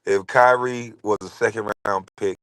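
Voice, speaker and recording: A man's voice: fairly low pitch, steady tone, moderate pace, fairly bright tone, clear, resonant tone, no room sound, rough recording. A man in his forties hosting a casual commentary show, talking in a blunt, rambling and heated way. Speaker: show host.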